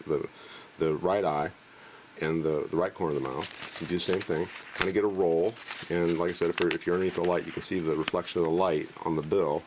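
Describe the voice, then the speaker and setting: Deep-voiced man, casual, rambling trick tutorial. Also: noisy background. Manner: relaxed, rambling, joking. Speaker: magic trick presenter. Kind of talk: casual demonstration.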